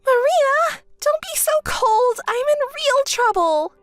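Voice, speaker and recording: A woman's voice: very high-pitched, animated, normal speed, a bit bright, no echo, soft background music, pitched above the performer's own voice. A woman voicing a whiny younger woman who begs and complains in a dramatized texting story. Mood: desperate. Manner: desperate and begging.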